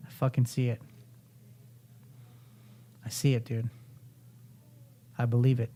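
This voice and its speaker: Male podcast host, fervent profane coach, mellow warm voice. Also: medium pitch, little pitch movement, slow, long pauses. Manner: intense, profane, fervent pep talk. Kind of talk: motivational coaching session.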